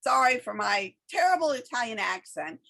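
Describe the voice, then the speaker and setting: A woman's voice: on the high side, animated, moderate pace, creaky, sharp tone. A woman hosting a theater show, reviewing a play and interviewing a guest in an enthusiastic, gushing way.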